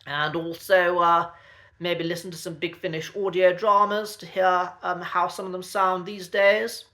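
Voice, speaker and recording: A man giving a casual spoken lesson to camera, polite and measured, pausing often with ums and uhs and restarting his sentences. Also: high-pitched, little pitch movement, bright, forceful tone. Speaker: accent coach.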